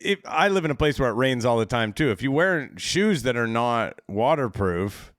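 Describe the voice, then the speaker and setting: A man's voice: mid-range voice, very animated, moderate pace, fairly bright tone, no room sound, clean studio sound. A man chatting as a guest on a podcast, joking around and laughing often as he tells stories. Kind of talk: casual chat.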